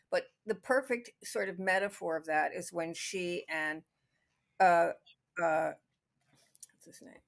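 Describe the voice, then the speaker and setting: A woman's voice: deep voice, creaky. A woman co-hosting a podcast, talking through a classic film in a casual, thinking-aloud way with many restarts. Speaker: podcast co-host.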